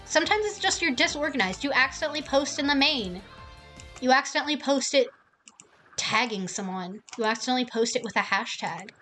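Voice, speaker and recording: A woman streamer ranting casually and with plenty of swearing, acting out other people's lines in quick mock voices. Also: high voice, animated, sharp tone, faint music behind.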